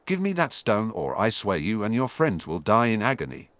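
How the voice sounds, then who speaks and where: A man's voice: fairly low pitch, big pitch swings, normal speed, a bit bright, no room sound. Man playing a spitting, furious wizard professor. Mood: angry. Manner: spitting, angry.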